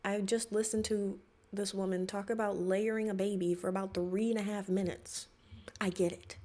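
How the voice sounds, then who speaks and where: A woman hosts a reaction video and talks back to the clip she is watching. Her tone is exasperated and sarcastic, pitched in a middle range for a woman. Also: little pitch movement, moderate pace, warm tone.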